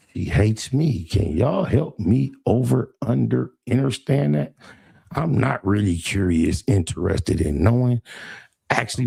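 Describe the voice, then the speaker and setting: A man's voice: on the low side, creaky, warm tone, husky, dry recording. A man, ranting on a livestream to his viewers. He talks in streetwise slang, mocks and taunts, and slips into sing-song rhyming jabs. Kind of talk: heated livestream rant.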